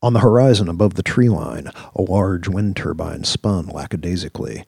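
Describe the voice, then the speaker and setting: A man narrating a science-fiction radio story in a measured, descriptive way. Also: sits low, creaky, darkish tone, husky, dry recording. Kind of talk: scripted audio-drama narration.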